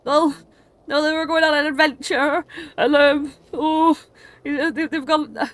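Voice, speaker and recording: A woman's voice: high-pitched, fairly even intonation, unhurried, fairly bright tone, voice pushed up. A woman voicing a panicked, scatterbrained father who has lost his children, stammering and flustered.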